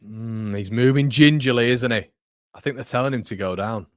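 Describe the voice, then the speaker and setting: A young man hosting a live football watchalong, chatty and excitable, jumping from loud outbursts to muttering. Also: mid-range voice, moderate pace, no room sound, clean studio sound. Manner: excitable, chatty, swings between shouting and muttering. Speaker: watchalong host. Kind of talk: live match watchalong commentary.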